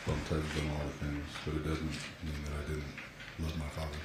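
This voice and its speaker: A man testifying as a witness in court, speaking quietly and tersely, mostly answering "yes, sir" and "no, sir.". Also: extremely low pitch, monotone, a little fast, echoey room. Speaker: trial witness.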